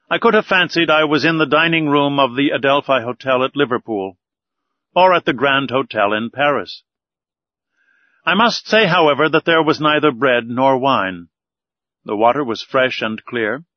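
A man narrating a classic novel aloud in a measured, deliberate reading. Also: mid-range voice, dry recording. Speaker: audiobook narrator. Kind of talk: scripted narration. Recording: dull, lo-fi recording.

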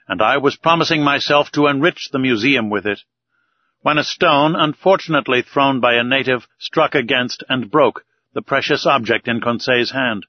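A man narrating an audiobook in a steady, measured reading. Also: mid-range voice. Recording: dull, dry recording.

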